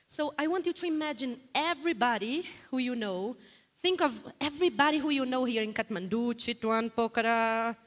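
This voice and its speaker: A woman from Brazil with a Brazilian Portuguese accent, giving a lively guest lecture in a hall and putting frequent questions to the audience. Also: on the high side, moderate pace. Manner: animated, questions the audience often.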